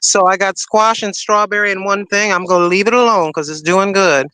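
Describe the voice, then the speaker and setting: A woman's voice: medium pitch, fairly even intonation, fairly quick, a bit bright, smooth, dry recording, low-quality recording. A woman chatting casually on a livestream while she waters her garden, rambling and cooing to her cat. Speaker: livestream co-host.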